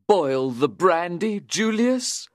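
A man voicing a drunken, unsteady young man who shouts and insists. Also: high voice, very animated, slow pace, no echo, clean studio sound, voice pushed up, full character voice. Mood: insistent.

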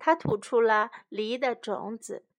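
A woman reading a children's story bilingually, line by line, in a clear and gentle way. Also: fairly high pitch, unhurried.

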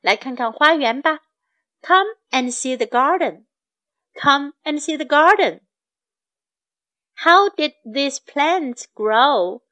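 High, slow woman reading to kids. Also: animated, sharp tone. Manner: slow, clear, repeating phrases for learners. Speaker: storyteller and English tutor for children. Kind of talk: bilingual storybook reading for children.

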